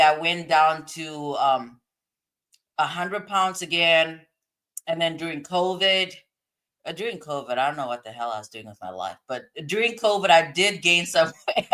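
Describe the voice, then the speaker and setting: Woman on a stream reading comments, laughs a lot, bright forceful tone. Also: sits low. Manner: chatty, laughs often while reading comments. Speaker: live stream host. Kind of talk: casual live stream commentary reading chat.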